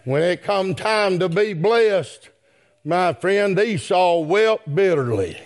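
A man preaching a sermon, addressing the congregation with "my friend" and "yes, sir" as refrains, and swelling into shouted peaks. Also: sits high, expressive, slow.

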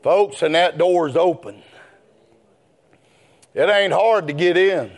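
A man preaching a sermon, rising into chanted shouts. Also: sits high, slow.

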